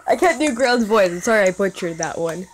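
A woman's voice: mid-range voice, animated, a little fast, slight background noise, low-quality recording. A young woman chatting casually on a reaction video, apologetic and self-conscious, with a bad phone mic. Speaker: video co-creator.

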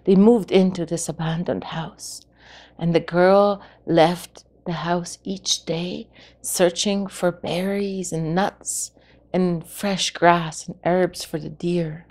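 A woman storyteller telling a folk tale in a gentle, expressive way. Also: lowish voice, slow.

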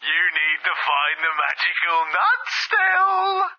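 Guy playing a gravelly riddling jailbird, high and swoopy, dry muffled mic. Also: wildly swooping pitch, slow pace, heavily acted. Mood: cryptic. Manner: riddling, chuckling. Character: cryptic male fellow prisoner giving advice.

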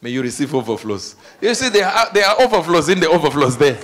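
A male preacher tells a story from the pulpit, his pitch swinging up and down with animation. He jokes and laughs easily, and a faint hiss sits behind his voice. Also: quick pace. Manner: animated, jokey, laughs between lines. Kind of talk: storytelling sermon.

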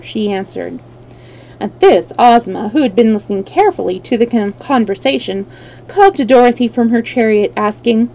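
Mellow-voiced woman reading a storybook. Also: fairly high pitch, expressive, normal speed, low-quality recording. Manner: gentle, with small slips and self-corrections. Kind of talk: storybook reading on a live stream.

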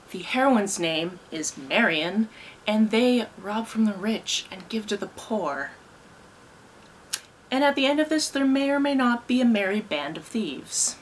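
A woman's voice: mid-range voice, a little hiss or hum. A young woman from Canada casually recapping movies and books, with wry asides. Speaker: book and film vlogger.

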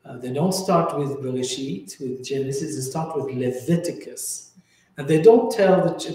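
A man leads a Torah class, speaking slowly and haltingly and restarting his sentences as he reaches for the next thought. His voice is mellow and sits a little high for a man, and it rings out in a very reverberant hall. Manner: slow, searching delivery with many restarts and fillers. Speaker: rabbi teaching a Torah class. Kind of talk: informal Bible teaching. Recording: very echoey room.

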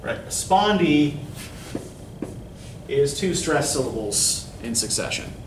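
A man's voice: on the high side, expressive, slow, distant mic, a little hiss or hum. Lecturing man in an echoey classroom. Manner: explanatory, keeps asking "right?". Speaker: English instructor. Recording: echoey classroom recorded from afar.

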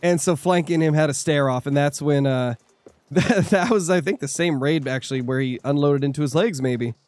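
A man's voice: fairly high pitch, moderate pace, darkish tone, no echo. A man hosting a casual gaming stream with friends, telling stories animatedly and laughing often. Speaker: streamer host.

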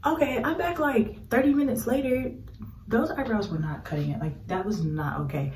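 A woman's voice: fairly high pitch, moderate pace, a little mellow, a little hiss or hum. Chatty young woman, roomy home vlog. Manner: gushing, chatty, frequent fillers and slang; drops to a whisper while doing makeup. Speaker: vlogger. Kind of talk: casual get-ready-with-me vlog. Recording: roomy, slightly distant home recording.

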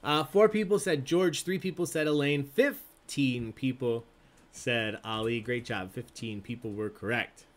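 A man with a medium-pitched voice and a measured pace hosts a live trivia game. He's playful and casual, frequently laughing as he goes through the questions and answers.

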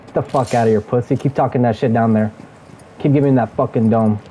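A man's voice: medium pitch, steady tone, fast, warm tone, slight background noise, poor audio. A young man gaming, taunting a teammate over voice chat with aggressive, repetitive insults. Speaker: gamer streaming a match. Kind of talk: trash talk over game voice chat.

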